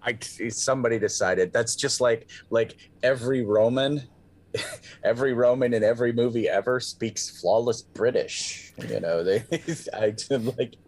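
A man co-hosting a podcast in casual chat, halting and repeating words as he gets going. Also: mid-range voice.

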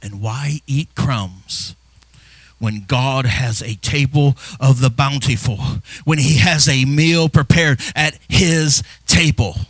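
A male pastor preaching a sermon, building from soft, low passages into impassioned shouts. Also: slow, no room sound.

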